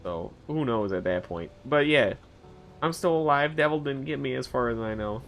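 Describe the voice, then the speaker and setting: A young man streaming a game, telling stories in a loose, rambling way, often laughing, swearing and jumping high when he quotes someone. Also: normal speed, gravelly. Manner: animated storytelling, jumps to a high pitch for quoted voices, laughs often, swears. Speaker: gaming streamer. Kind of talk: casual rambling commentary while gaming. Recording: faint game music behind.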